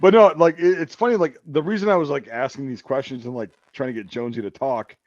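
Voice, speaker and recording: A man's voice: medium pitch, steady tone, fast, darkish tone, dry recording, highs cut off. An American man hosting a casual chat, rambling with lots of fillers and some swearing. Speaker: podcast host.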